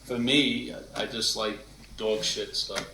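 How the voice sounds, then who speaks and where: A man's voice: fairly low pitch, fairly even intonation, slow pace, sharp tone, slight background noise. A man talking casually and bluntly, with crude words. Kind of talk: casual chat. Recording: echoey room from a distance.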